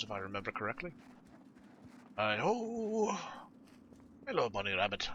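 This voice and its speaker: A man's voice: mid-range voice, highs cut off. A man hosting a gaming video, chatting casually and rambling as he plays. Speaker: gaming video host and streamer. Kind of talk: casual gameplay commentary. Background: game music.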